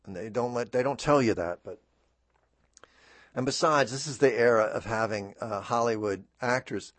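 A man with a lowish, creaky voice hosts a radio talk show in a studio, recorded on a studio microphone with no room sound. He rambles in a chatty, self-deprecating way, full of fillers and restarts.

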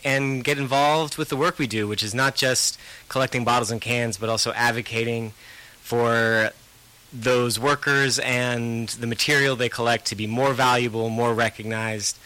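A man speaking as a guest from a recycling center, making an earnest, inviting pitch. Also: sharp tone, low-quality recording. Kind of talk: community outreach pitch.

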